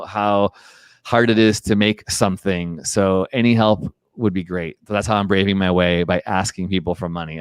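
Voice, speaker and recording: Guy cohosting a live web chat, smooth clear voice, dry sound, upbeat. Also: fairly low pitch, no room sound. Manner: upbeat, encouraging, quick asides. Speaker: co-host. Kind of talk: live online chat show.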